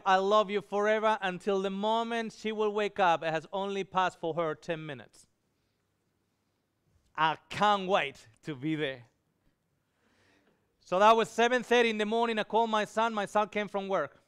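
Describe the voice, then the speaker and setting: A man's voice: high-pitched, steady tone, moderate pace, fairly bright tone, smooth. A man preaching a sermon, telling an emotional personal story and acting out the dialogue in it. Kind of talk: sermon testimony.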